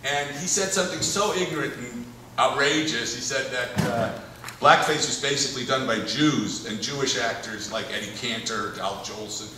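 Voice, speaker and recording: A man's voice: medium pitch, normal speed, slight background noise. Man, director at a live Q&A, rambling, laughing storyteller; distant, hall echo, crowd murmur. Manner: rambling, chuckling, animated storyteller. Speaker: film director telling stories on stage. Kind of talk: anecdotal Q&A storytelling. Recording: echoey hall, taped from far off in the audience. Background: audience laughter and room ambience.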